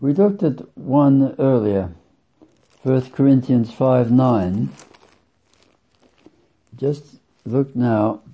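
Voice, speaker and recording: A man preaching a sermon, emphatic and deliberate, stretching key words and swinging his voice up for stress. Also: expressive, slightly rough. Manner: emphatic, sweeping swings in pitch and loudness; slow, deliberate, drawn-out phrasing. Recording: dull lo-fi recording.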